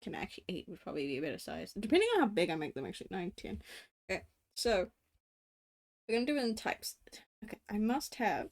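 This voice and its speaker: A woman's voice: mid-range voice, sing-song, quick pace, darkish tone. An Australian woman in her late twenties, streaming casual chat while drawing, rambling with many fillers, casual swearing and frequent laughs. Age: late 20s.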